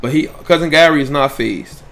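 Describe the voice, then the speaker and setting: Brisk and on the high side, a podcast host's voice drives his casual sports livestream. He throws around loose, profane trash talk in an animated way, bantering with viewers and speaking right to them.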